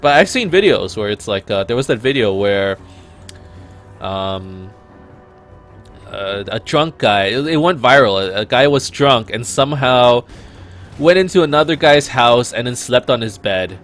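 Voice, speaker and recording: Rambling Canadian man with a lively pitch. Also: measured pace, soft background music. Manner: rambling, self-interrupting, animated. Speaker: let's play host. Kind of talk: casual gameplay commentary.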